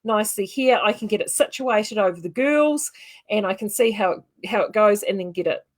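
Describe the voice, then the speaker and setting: A woman's voice: mid-range voice, lively intonation, moderate pace. A woman with a New Zealand accent hosting a casual livestream, chatty and rambling with many fillers. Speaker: yarn shop host.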